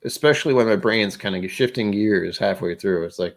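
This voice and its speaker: A man's voice: lowish voice, fairly quick, gravelly. A man hosting a casual livestream who rambles in a self-deprecating way and often restarts his sentences. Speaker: host of a whisky livestream.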